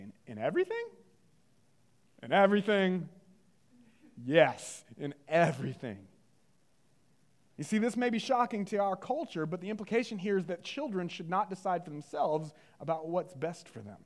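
A male pastor preaching a sermon, animated and full of rhetorical questions, swinging from loud to hushed. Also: sits high.

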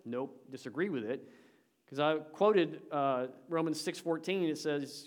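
A man's voice: a little high, lively intonation, unhurried. A man preaching a sermon as pastor, speaking conversationally and directly to the congregation, with emphatic swells and drops in volume. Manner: emphatic, rising and falling in volume.

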